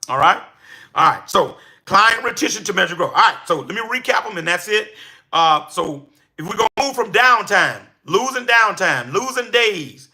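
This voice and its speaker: A man coaches his live-stream audience in a high, very bright voice. He talks energetically and preaches, now and then breaking into excited shouts. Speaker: livestream host and business coach. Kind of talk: live-stream coaching talk to chat viewers.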